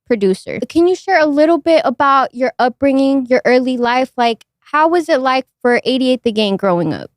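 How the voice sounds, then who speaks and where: A woman's voice: high voice, lively intonation, moderate pace, few pauses, no echo, studio quality. A young woman hosting an interview podcast, nervous and giggly, joking at her own slips. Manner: nervous, giggly, self-deprecating. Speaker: podcast host.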